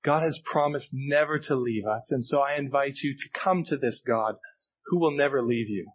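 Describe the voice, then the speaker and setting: A man's voice: medium pitch, normal speed, slightly rough, dull audio. A male pastor preaching a sermon, earnest and emphatic, repeating key phrases for weight. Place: church sanctuary.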